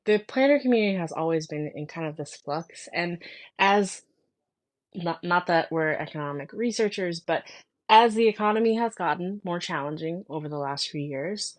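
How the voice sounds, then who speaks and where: A woman's voice: lowish voice, animated, moderate pace. A woman hosting a podcast in casual chat, talking enthusiastically in long flowing sentences. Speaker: podcast host.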